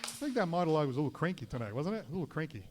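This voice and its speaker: In a noisy recording of a live variety show, the male host delivers a stand-up monologue and keeps apologizing for his own jokes. He speaks rapid-fire, very animated, with a voice on the high side.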